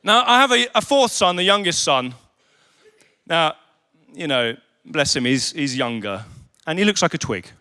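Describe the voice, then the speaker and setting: A man's voice: fairly high pitch, normal speed, pauses often, clear, resonant tone. A man preaching a sermon at a leaders' conference, telling stories with humour and acting out the voices of the people he quotes. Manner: animated storytelling with humour. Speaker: conference speaker. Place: conference venue.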